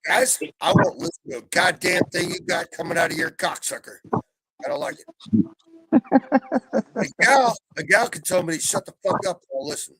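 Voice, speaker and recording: A man on a live panel chat, talking in a vulgar, loud, abrasive way as he tells stories. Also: high voice, big pitch swings, normal speed, husky, dry recording, rough recording. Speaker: regular panelist.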